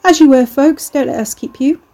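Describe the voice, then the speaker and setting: A woman's voice: high-pitched, fairly quick, warm tone, pitched above the performer's own voice. A woman voicing a brash, leering British man with a put-on Cockney accent who taunts and mocks. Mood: taunting.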